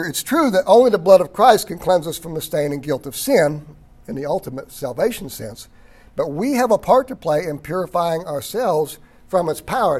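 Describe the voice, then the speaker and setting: Throat-clearing man teaching Bible study. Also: a little high, a little mellow. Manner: often clears his throat, restarts phrases, reads quotes aloud; emphatic on key words, occasional chuckle.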